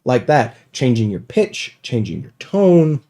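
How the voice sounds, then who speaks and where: In an unhurried, medium-pitched voice, a man hosting a casual podcast recounts tabletop game adventures with lively storytelling and plenty of laughter.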